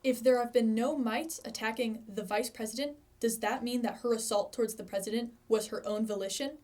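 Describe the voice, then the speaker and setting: A woman anchoring a student mock news broadcast, reading headlines in a steady scripted way. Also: on the high side, a little fast.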